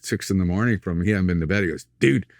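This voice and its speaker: A male host with a fairly low voice runs a casual interview. He jumps in with quick questions and short asides. The sound is dry and close. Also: fairly even intonation, no echo.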